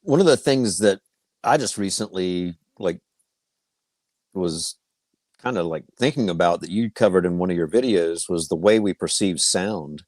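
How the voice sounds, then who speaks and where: An easygoing man muses aloud in a podcast chat, chuckling now and then. His voice is very deep and sounds dry and close to the mic. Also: moderate pace, darkish tone, no room sound. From foothills of the Blue Ridge Mountains, US. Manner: easygoing, rambling, chuckles often. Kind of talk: casual chat.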